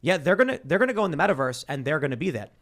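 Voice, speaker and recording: Fast, animated podcast man. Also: a little high. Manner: animated storytelling. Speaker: podcast panelist. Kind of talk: casual chat.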